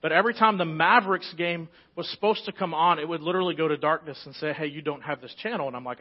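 A Texan man preaches a sermon in a fairly high voice, swinging between animated, quick storytelling and quieter earnest exhortation. The recording sounds a little dull and lo-fi. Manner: animated storytelling, rising loud and fast in anecdotes. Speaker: pastor.

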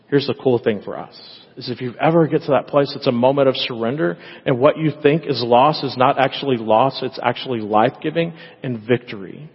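A man's voice: mid-range voice, moderate pace, slightly rough. A male pastor preaching a sermon in a church, talking conversationally and acting out prayers in quoted voices. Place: church sanctuary. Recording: echoey hall, dull lo-fi sound.

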